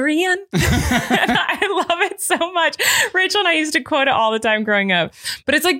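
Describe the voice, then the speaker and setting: Woman, 30s, podcast co-host, casual chat, gushing, playful exaggeration, mid pitch, dry close sound. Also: fairly bright tone, no echo.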